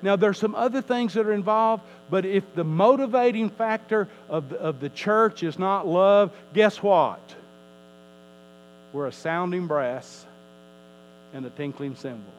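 A man's voice: sits high, animated, a little slow, a little hiss or hum, poor audio. Emphatic preaching pastor, man. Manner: emphatic preaching with rising and falling delivery, repeats words. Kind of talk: sermon.

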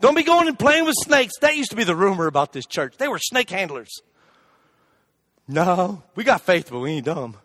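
A man preaching a humorous sermon, telling a story in an animated, jokey way with loud shouted asides. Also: high-pitched, moderate pace, dry recording.

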